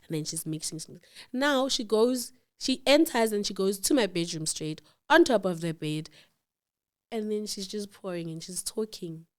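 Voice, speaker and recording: In a relaxed chat, a South African woman shares a personal story as host, bringing it to life by voicing the other characters. She speaks at medium pitch and a moderate pace.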